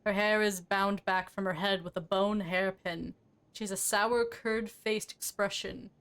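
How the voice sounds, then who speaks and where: A woman's voice: mid-range voice, steady tone, measured pace, fairly bright tone, clear, resonant tone. Woman streamer narrating her game; casual, sweary, self-mocking. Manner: casual, swears, laughs at herself. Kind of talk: reading game text aloud while playing.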